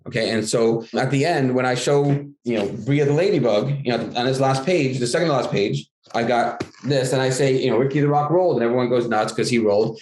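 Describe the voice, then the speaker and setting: A middle-aged man talks fast as a guest author, energetic and lively, jumping into a higher voice when he acts out his own classroom lines. His voice carries a roomy echo, and the pitch sits at an ordinary middle. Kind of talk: casual interview talk.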